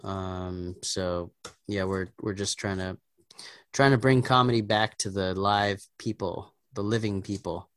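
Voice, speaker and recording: A man's voice: low-pitched, a little slow, fairly bright tone, clear, resonant tone. A male comedian chatting as a podcast guest, joking and laughing often, with lots of fillers. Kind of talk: casual podcast chat.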